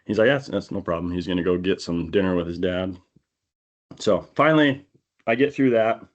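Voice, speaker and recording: A man with a fairly low voice tells a long story on a podcast, relaxed and chatty. He gets animated and slips into voices for the people in it, like a natural yarn-spinner. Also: normal speed, highs cut off. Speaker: podcast co-host. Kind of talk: casual storytelling. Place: indoor podcast studio.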